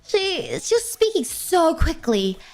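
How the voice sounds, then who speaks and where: A woman's voice: very high-pitched, big pitch swings, unhurried, darkish tone. A young woman streamer chatting casually, telling a rambling story with lots of fillers. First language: English. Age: young adult. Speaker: vtuber streamer. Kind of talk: casual chat.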